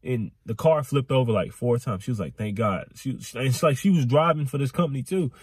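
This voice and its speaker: Animated young man telling a wild story. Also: medium pitch, fast, breathy edge, dry recording, clean studio sound. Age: young adult. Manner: animated, rambling, repetitive slang. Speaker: vlogger. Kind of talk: storytime vlog.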